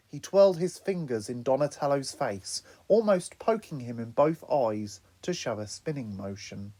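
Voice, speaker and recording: Male narrator for an audiobook, expressive, animated delivery. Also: moderate pace, hardly any pauses. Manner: expressive storytelling with lively pitch.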